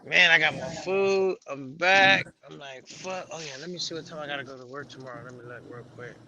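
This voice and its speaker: A man's voice: on the high side, a little fast, bright, forceful tone. A man chatting casually on a livestream, cursing freely and talking in a loose, easygoing way. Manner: profane, relieved, talks loosely. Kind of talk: casual chat.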